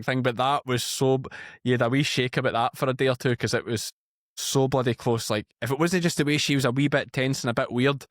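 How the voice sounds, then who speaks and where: A Scottish man in his thirties, a podcast guest telling lively anecdotes in casual chat. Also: mid-range voice, quick pace, no echo, studio quality. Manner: chatty, animated anecdotes. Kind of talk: casual storytelling.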